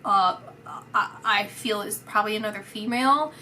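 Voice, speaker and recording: A woman giving a psychic reading, talking in halting phrases that restart often with filler words. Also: mid-range voice, bright, forceful tone, a little hiss or hum. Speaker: psychic reader. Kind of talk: intuitive reading, spoken to the camera.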